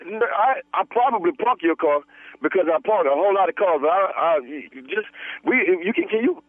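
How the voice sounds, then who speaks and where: A man's voice: sits high, expressive, moderate pace, dry recording. A man defending himself on a phone call, insisting he took nothing from a car. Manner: defensive, pleading innocence. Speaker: prank call target. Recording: tinny phone line.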